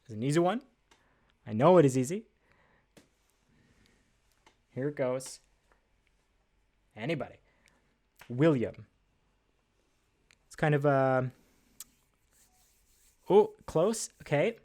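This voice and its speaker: A man's voice: mid-range voice, animated, takes it slowly, long pauses, a little mellow. Casual male livestream host, friendly and self-deprecating, mid-range voice. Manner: chatty, upbeat, self-deprecating, with frequent fillers. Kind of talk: casual livestream trivia hosting. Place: at a desk indoors.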